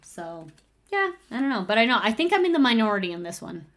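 Woman, casual co-host, animated, thinks out loud. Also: fairly high pitch, fast talker. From United States. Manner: animated, thinks aloud with restarts and laughs. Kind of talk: casual chat.

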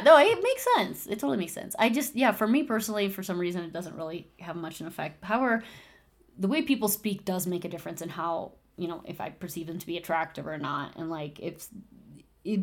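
A woman in casual conversation, talking through her opinions with restarts and quick laughs. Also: on the low side. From United States. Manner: animated, thinks aloud with restarts and laughs. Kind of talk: casual chat.

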